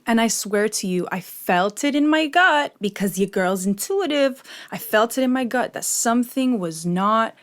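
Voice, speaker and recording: A woman's voice: a little high, expressive, moderate pace, hardly any pauses. A young woman vlogger talking about meditation and manifesting. She tells a story in a chatty, casual way, swears freely and fills her talk with "like" and "you know.".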